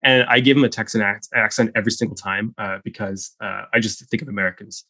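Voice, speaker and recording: A man talking as a guest in a casual interview, an animated storyteller full of quick restarts. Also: lowish voice, no echo. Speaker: guest, software founder.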